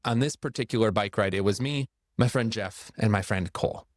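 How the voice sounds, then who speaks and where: A man with a fairly low voice tells a personal story for a church series. He draws out some phrases and rushes others to build suspense. The sound is close and dry, with no room around it. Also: no room sound.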